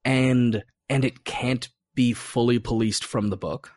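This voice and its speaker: A man's voice: mid-range voice, steady tone, measured pace, darkish tone, dry recording. Chatty man, dry close voice. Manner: chatty, laughs often, many "like" fillers. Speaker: game designer guest. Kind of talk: casual podcast interview.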